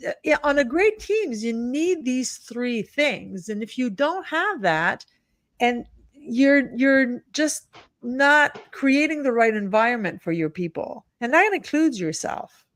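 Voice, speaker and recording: Woman from on a video call, fairly high voice, sarcastic and lively, dry sound. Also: takes it slowly, no echo. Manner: animated, sarcastic storyteller. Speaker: leadership expert guest. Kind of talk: casual chat on a livestream.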